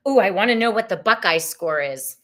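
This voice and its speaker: A woman's voice: medium pitch, lively intonation, fairly quick, a bit bright, slight background noise. A woman hosting a live tarot stream, gushing and greeting viewers by name in casual chat.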